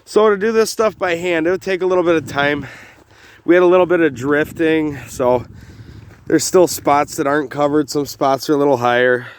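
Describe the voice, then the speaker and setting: A young man casually narrating a homestead vlog outdoors in the snow, talking in a relaxed, rambling way with many pauses. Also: a little high. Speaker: homestead vlogger. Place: outdoors on a snowy rural property. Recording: faint engine noise behind. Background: idling engine.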